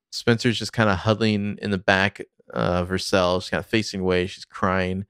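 A man's voice: deep voice, level tone, moderate pace, few pauses, a bit bright, clear, resonant tone, no room sound, clean studio sound. A man casually recapping a TV episode on a podcast, narrating the scenes and briefly acting out the characters' lines.

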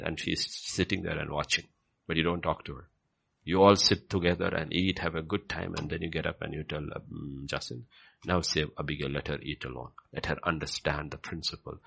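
A man preaching a sermon and reading scripture aloud, swinging from low murmurs to loud, high emphatic bursts and repeating key phrases to the congregation. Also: vocal fry, breathy edge.

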